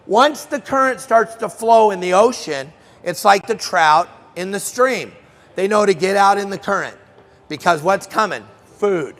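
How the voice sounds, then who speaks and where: A middle-aged man with a high voice and vocal fry leads a live fishing seminar in a trade show hall, joking with audience members and quizzing them by name. Long hall reverb fills the recording.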